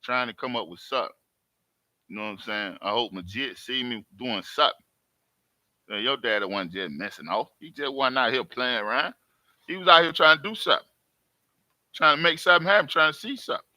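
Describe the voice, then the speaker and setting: A man's voice: medium pitch, fairly quick, long pauses, pushed and bright, no room sound. A man hosting his own live stream, talking emphatically and repetitively in casual street talk to his viewers from home. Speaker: host.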